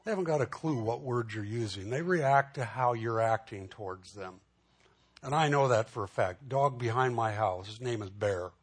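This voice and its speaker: A man's voice: mid-range voice, normal speed, breathy edge. Man preaching a conversational sermon. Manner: conversational teaching with frequent asides and restarts. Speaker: pastor.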